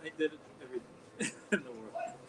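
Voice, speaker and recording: A man co-hosting a podcast, telling a rambling story in casual chat in a soft-spoken way. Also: medium pitch, fairly quick, crowd noise. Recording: noisy home recording.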